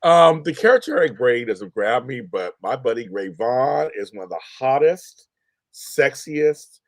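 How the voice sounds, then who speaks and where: A man who works as an interviewer, talking in casual chat in a gushing, animated and profane way. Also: medium pitch, measured pace, no echo.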